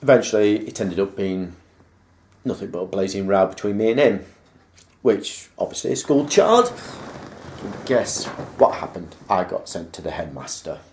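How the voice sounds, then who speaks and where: A man's voice: low-pitched, expressive, normal speed, darkish tone, slight background noise. A man casually recounting a school memory, rambling and acting out the remembered dialogue. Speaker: vlogger. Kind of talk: casual personal storytelling. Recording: roomy echo.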